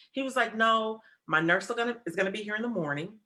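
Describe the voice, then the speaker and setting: A woman hosting an interview over a video call, talking with deep emotion and fighting back tears. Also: expressive, fast, few pauses, bright, forceful tone. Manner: tearful, fighting to hold back crying. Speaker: interview host.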